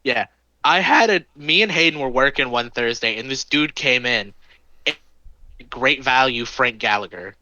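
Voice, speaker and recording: A man in his early twenties, a podcast co-host, telling anecdotes in animated, swear-heavy casual chat. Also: medium pitch, unhurried, no echo, muffled recording. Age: 20s. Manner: animated storytelling, lots of swearing.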